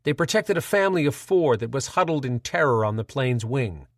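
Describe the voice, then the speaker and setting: A man narrating an audiobook in a dramatic, measured reading. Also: medium pitch, expressive, no room sound, studio quality.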